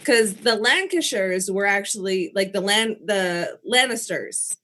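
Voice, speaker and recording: A woman's voice: medium pitch, expressive, measured pace, bright, forceful tone. Rambling, giggly woman on a podcast. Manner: giggly, rambling, stumbles over words. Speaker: podcast co-host. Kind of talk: casual chat.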